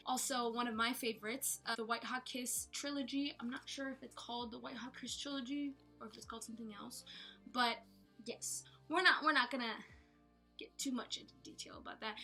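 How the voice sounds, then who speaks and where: A woman with a high, bright, sharp-edged voice rambles playfully through a casual book review, often stopping to correct herself. She talks from a room at home lined with bookshelves. Soft music plays faintly behind her. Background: faint background music.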